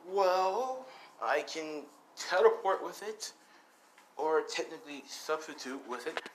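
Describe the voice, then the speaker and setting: A brooding wendigo teenage boy, voiced by a man speaks low and quiet in a flat, guarded mumble. Under the voice there is a steady hiss of background noise. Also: slow, rough recording.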